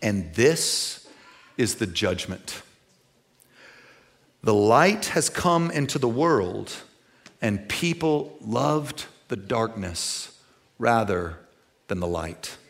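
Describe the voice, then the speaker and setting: A middle-aged man preaching a sermon as pastor, animated, moving from hushed passages to near-shouting. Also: on the low side, extremely slow, long pauses.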